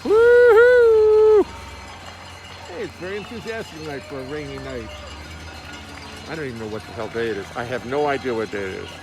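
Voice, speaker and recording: A man's voice: medium pitch, fast talker, highs cut off. A man chatting casually and jokingly on a livestream from his studio, greeting viewers by name. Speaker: musician hosting a livestream. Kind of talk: casual chat. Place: home studio by a window.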